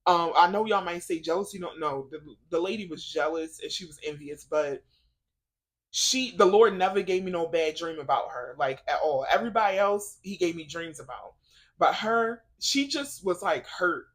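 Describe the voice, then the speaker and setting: A woman vlogging in a casual, faith-based chat, telling stories in an animated, emotional way with lots of laughter and "like". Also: on the low side, moderate pace. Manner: chatty storytelling, lots of "like".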